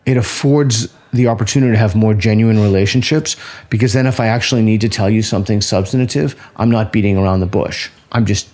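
A man in a played clip, explaining his view in an earnest, measured way. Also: fairly low pitch, darkish tone.

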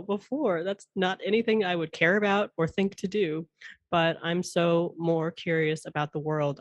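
A woman in her thirties, a podcast guest, talking in a chatty, animated way and laughing often. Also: low voice, no room sound. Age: 30s. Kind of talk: casual interview chat.

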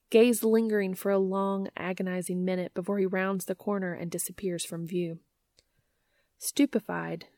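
A woman narrating a story aloud in a measured, gentle manner. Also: mid-range voice, no room sound, studio quality. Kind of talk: reading fan fiction aloud.

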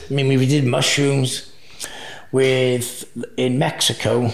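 A man's voice: mid-range voice, level tone, measured pace, creaky. A man as an interview guest, telling crude travel anecdotes with frequent laughter. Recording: echoey room.

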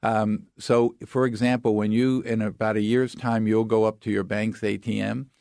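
A man's voice: fairly low pitch, little pitch movement, moderate pace, gravelly, darkish tone, dry recording, studio quality. A man speaking as an expert guest, explaining things with step-by-step examples in an authoritative way. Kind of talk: explanatory interview talk.

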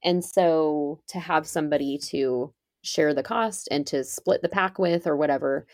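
A woman's voice: low-pitched, measured pace, darkish tone, dry recording, studio quality. A woman on a podcast, explaining emergency preparedness step by step in an upbeat, chatty way. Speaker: podcast guest, preparedness expert. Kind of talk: casual podcast conversation.

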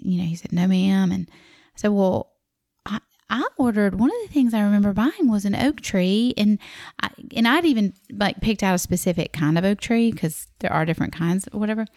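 A middle-aged woman from the American South with a Southern accent, telling a personal story in a chatty, animated way and acting out the voices she quotes. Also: medium pitch, fairly quick, dry recording, studio quality.

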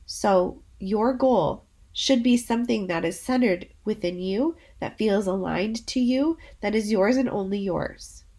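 A woman's voice: mid-range voice, a little slow, hardly any pauses, warm tone. Sick-voiced woman podcast host. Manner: encouraging, chatty, upbeat. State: sick, voice under the weather. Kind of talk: solo podcast talk.

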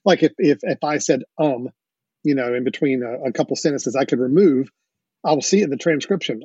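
A man's voice: medium pitch, fairly quick, dark tone, slightly rough, dry recording. A man hosting a podcast, explaining things with enthusiasm and the odd chuckle, on dull lo-fi audio. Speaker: podcast host. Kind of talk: casual podcast chat.

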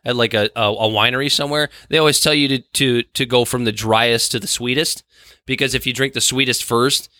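A man co-hosting a podcast in casual chat, joking and animated, with lots of fillers. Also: mid-range voice, a little fast, dry recording, studio quality. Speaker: podcast co-host.

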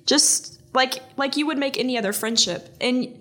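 A woman's voice: high voice, normal speed, pushed and bright. A woman guest giving advice on friendship in a casual chat, thoughtful and a little hesitant, with ums.

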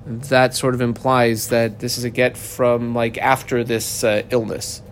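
A man's voice: mid-range voice, little pitch movement, slight background noise. A man teaching a daily Talmud class, reading Aramaic phrases and explaining them in English. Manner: explains Aramaic text line by line in English, fast with fillers.

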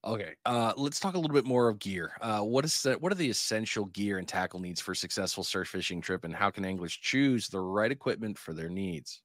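Low-voiced, dry-sounding male podcast host. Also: a little fast, hardly any pauses, no room sound. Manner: animated storyteller, acts out quotes. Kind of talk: casual fishing podcast chat.

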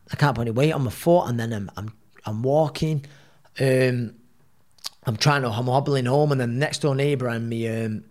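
A man, telling a story as a podcast guest in a rambling, animated way, full of fillers. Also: mid-range voice. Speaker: guest, boxer.

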